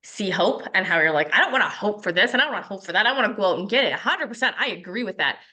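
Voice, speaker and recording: A woman co-hosting a casual chat podcast, emphatic and dryly sarcastic, jumping in with hearty agreement. Her voice sits in a middle pitch with a bright, forward tone. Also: lively intonation, very fast. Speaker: podcast co-host.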